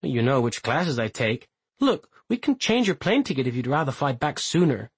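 A man's voice: medium pitch, very animated, moderate pace, slightly rough, dry recording. A male audiobook narrator voicing a guarded, wry young man who answers tersely and defensively. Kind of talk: audiobook character voice.

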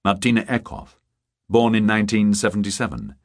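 A man narrating a thriller audiobook in a measured, even storytelling manner. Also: on the low side. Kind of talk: scripted narration. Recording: dry close studio sound.

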